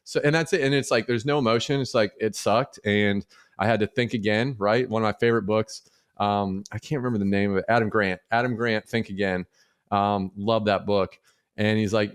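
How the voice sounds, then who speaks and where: A middle-aged man talking as a guest in a casual interview, relaxed and rambling with many fillers and asides. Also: on the low side, a little fast, smooth. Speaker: guest, real estate investor.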